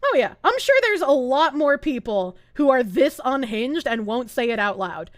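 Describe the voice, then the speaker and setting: A woman's voice: high-pitched, big pitch swings, moderate pace, dry recording, studio quality. A woman streamer ranting live in heated, sarcastic, profane commentary. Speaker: Twitch streamer.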